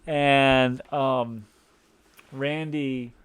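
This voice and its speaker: A man's voice: mid-range voice, fairly even intonation, very slow, fairly bright tone, clean tone. A man co-hosting a casual movie review podcast, rambling with many fillers and restarts. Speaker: podcast co-host.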